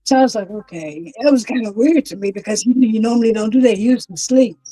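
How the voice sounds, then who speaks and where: A grieving woman recounts events in a plain, storytelling way, voicing the police officers' words herself. Her voice is slightly high yet mellow and dark. Faint music plays underneath. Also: quick pace, low-quality recording. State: grieving, voice rising with distress. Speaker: guest, grieving mother. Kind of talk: personal testimony in an interview.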